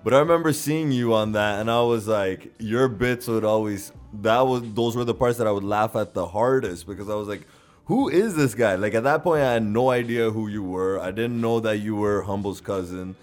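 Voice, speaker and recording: Relaxed low-voiced male podcast host. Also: normal speed, hardly any pauses, soft background music. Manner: relaxed, curious, casual swearing. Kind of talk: casual interview chat.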